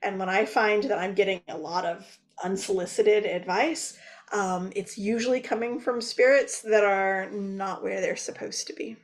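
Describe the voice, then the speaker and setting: A woman talks as a podcast guest, explaining at an unhurried pace with many pauses and fillers. Her voice sits in a middle range for a woman. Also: medium pitch, steady tone. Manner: thoughtful, with frequent "um" pauses. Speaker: guest, spiritual practitioner. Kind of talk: casual podcast conversation.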